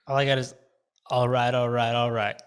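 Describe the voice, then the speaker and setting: A man co-hosting a podcast, speaking in a hesitant, sheepish way with lots of pauses. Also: level tone, clean tone. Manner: hesitant, sheepish, low-key. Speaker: podcast co-host. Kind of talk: casual chat.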